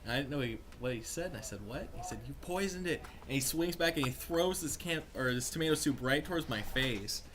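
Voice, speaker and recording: A man's voice: on the high side, expressive, brisk, hardly any pauses, noisy background. A young man telling a rambling story to friends, loose and profane, with many fillers. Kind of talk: casual story among friends.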